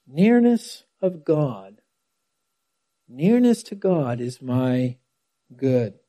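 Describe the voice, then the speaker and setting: A man's voice: fairly high pitch, dark tone, no echo. A man preaching a sermon, reading scripture aloud and stressing key words, sometimes dropping almost to a whisper. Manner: dramatic quoting of scripture.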